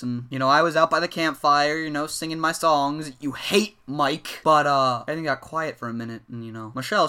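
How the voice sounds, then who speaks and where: A man co-hosting an improvised comedy show, telling long, rambling tall tales in a deadpan way. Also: mid-range voice. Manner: rambling, tall-tale storytelling. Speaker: comedy co-host.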